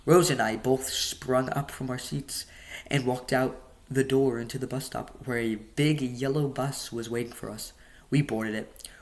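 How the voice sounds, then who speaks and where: Man, novel reader, casual, mid pitch, joking asides. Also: unhurried. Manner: relaxed, with stumbles and joking asides. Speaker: audiobook reader.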